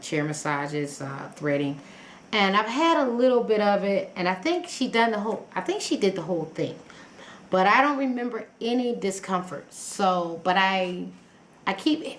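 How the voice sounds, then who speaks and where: A woman with a somewhat low voice chats through a personal story for her vlog. She rambles, restarts and fills pauses, and she acts out her own past reactions as quoted asides. The room is echoey, with a faint hum of noise behind her. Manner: rambling, chatty storytelling with many fillers and restarts. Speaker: vlogger.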